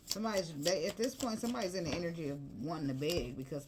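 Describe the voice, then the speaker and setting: A woman's voice: on the low side, expressive, very fast, a little hiss or hum. A woman giving a casual tarot reading, chatty and slangy, breaking into bits of song and laughter. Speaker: tarot reader.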